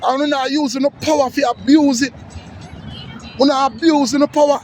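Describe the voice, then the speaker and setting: A man's voice: extremely high pitch, steady tone, normal speed, long pauses, a little mellow, soft background music, some chatter behind, poor audio. Fired-up Jamaican man ranting. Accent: Jamaican Patois. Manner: heated, cursing, repetitive, preaching to listeners. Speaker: social media commentator. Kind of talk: angry rant.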